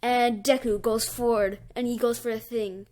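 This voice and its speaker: Woman, improvised fan story narration, rambling, filler-heavy, somewhat high voice. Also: fairly even intonation, normal speed, a little mellow.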